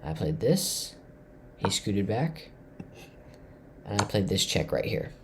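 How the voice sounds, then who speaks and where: A man from Tennessee excitedly walking through his chess game, thinking aloud and swinging between loud bursts and hushed asides. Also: lowish voice, takes it slowly, slight background noise. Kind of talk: excited game recap to camera.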